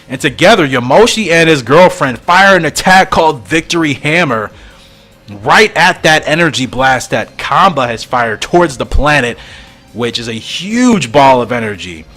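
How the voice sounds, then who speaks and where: A man hosting a channel, excitedly reading and commenting on a fan comic with frequent laughs. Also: mid-range voice, normal speed, faint music behind. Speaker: channel host.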